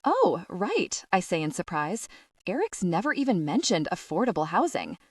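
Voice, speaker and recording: A woman narrating a first-person audiobook in a lively, expressive way. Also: lowish voice, a little fast, no room sound, recorded from a distance.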